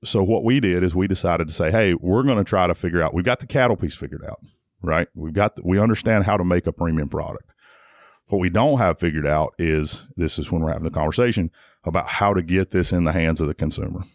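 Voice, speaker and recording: A middle-aged man talks in a low, deep voice. He tells stories casually and rambles, restarting his sentences and leaning on "like." The sound is dry and close. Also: fast, no room sound. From Tennessee. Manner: rambling, frequent restarts and "like" fillers. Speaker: guest, jiu-jitsu academy owner. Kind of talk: casual conversational storytelling.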